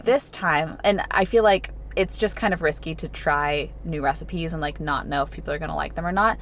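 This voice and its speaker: A young woman vlogging casually to camera, chatty and excitable, gasping and squealing over what she unwraps. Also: low-pitched, fairly quick, few pauses. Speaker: lifestyle vlogger. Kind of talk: casual vlog chat to camera.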